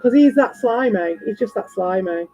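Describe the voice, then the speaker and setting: A woman streamer in a casual ranting chat, animated, swearing freely and repeating herself. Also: mid-range voice, moderate pace, soft background music, rough recording. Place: home.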